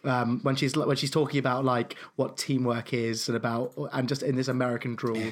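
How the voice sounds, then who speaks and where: A man's voice: mid-range voice, flat delivery, fairly quick. A man co-hosting a film podcast, chatting casually and enthusiastically, with frequent hesitations. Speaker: podcast co-host. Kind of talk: casual chat.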